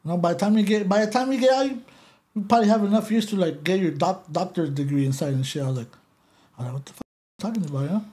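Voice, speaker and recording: High-voiced and rapid-fire, this podcast guest from the Los Angeles area tells a loose story in an interview. His delivery is animated and profane, with shifts between English and Spanish.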